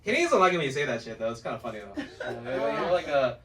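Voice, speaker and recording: A man's voice: mid-range voice, big pitch swings, very fast, far from the mic, over a noisy crowd, rough recording. A man from the United States performing a stand-up comedy set on a club stage, telling loose, laughing stories with mocking put-on quotes.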